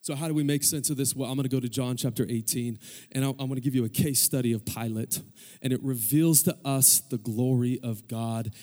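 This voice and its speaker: A man's voice: mid-range voice, dark tone. A man preaching a sermon as pastor, calling out for amens from the congregation and building in intensity. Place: church sanctuary. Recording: long hall reverb.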